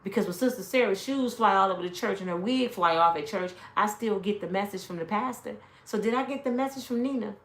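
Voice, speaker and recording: A woman's voice: mid-range voice, a little fast, few pauses, roomy sound. A middle-aged woman giving a casual, emphatic motivational talk to viewers from her home. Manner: emphatic, storytelling, talks straight to viewers. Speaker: motivational speaker. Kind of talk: casual preaching live stream. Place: home, with kids in and out.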